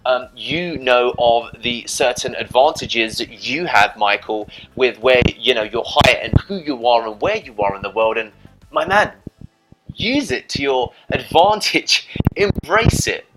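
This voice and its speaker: A man's voice: medium pitch, expressive, a little slow, over music, poor audio. A man giving dating advice in a casual, rambling monologue to camera, often adding "you know" and "right?". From Britain.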